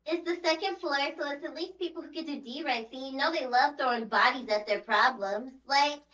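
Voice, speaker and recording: A high-voiced woman at a tabletop game, blunt and sarcastic. She sounds a little distant from the microphone. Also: fairly quick, sharp tone, reverberant, dull audio. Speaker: player. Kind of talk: casual chat at a tabletop game.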